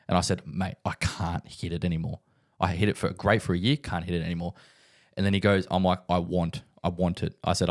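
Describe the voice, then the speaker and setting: Aussie guy co-hosting a podcast, lowish voice, rambling animated storyteller, lots of yeah yeah. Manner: animated storyteller, repeats himself, swears. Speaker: podcast co-host. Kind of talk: casual chat.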